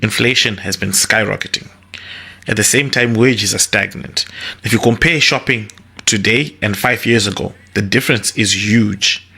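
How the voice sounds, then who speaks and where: Guy with a low gravelly raspy voice, calm and matter-of-fact. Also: normal speed. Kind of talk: commentary to camera.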